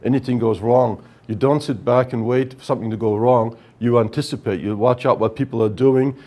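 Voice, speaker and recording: Brisk and steady, this man's medium-pitched voice has a slightly mellow quality. At the whiteboard he delivers a technical workshop lecture on project management, explaining each step and often asking "right?"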